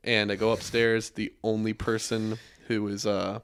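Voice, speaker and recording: A young man hosting a casual podcast, telling stories in a relaxed way with lots of fillers and restarts. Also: on the low side, a little slow, smooth.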